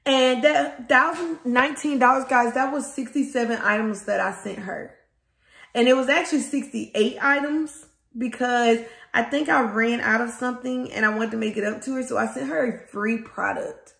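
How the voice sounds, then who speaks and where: A woman who runs a small business, from Louisiana, telling viewers a storytime in a casual, animated way and calling them guys and y'all. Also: on the high side, moderate pace, vocal fry. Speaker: small business owner vlogger. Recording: echoey room.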